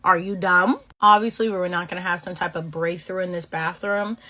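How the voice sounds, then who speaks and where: A woman in her twenties from Boston, telling a casual storytime vlog in a sassy, slangy, animated way. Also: on the low side, fairly quick. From Boston, USA. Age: 20s. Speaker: beauty vlogger.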